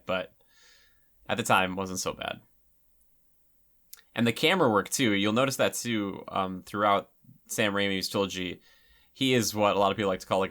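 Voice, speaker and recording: A man's voice: deep voice, fairly bright tone. A man giving casual commentary over a film, chatty and rambling, with lots of filler words.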